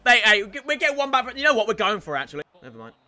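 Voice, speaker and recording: A man calling his own match live, with a very high, very bright voice that swings widely in pitch. He shouts and groans at every chance and keeps talking to his viewers, with soft music underneath. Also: very fast. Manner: excitable, shouts and groans at the game, talks to viewers as "boys". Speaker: gaming YouTuber. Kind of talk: live gameplay commentary.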